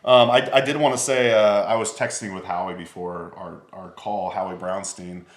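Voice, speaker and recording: Deep-voiced male podcast host, roomy sound. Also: steady tone, moderate pace. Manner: affirming, frequent encouraging backchannels. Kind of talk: conversational podcast interview. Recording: roomy echo.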